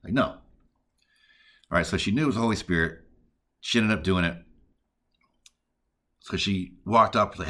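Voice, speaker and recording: Deep-voiced man casually teaching on prayer. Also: moderate pace, long pauses, a bit bright. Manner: earnest, conversational, with many "like" and "all right" fillers. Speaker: podcast host teaching on prayer.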